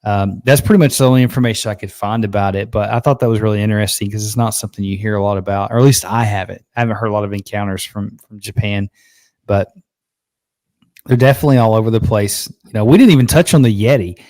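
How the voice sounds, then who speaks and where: A man's voice: on the low side, fast, a little mellow, dry recording. A man with a Southern Arkansas accent hosting a live podcast in an easygoing, folksy way, laughing often. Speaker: podcast host. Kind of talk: casual live podcast chat.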